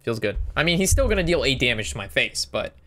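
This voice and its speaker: A man's voice: medium pitch, sing-song, fast talker, sharp tone, slight background noise. Man casually thinking aloud over a card game. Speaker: game streamer. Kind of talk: casual gameplay commentary.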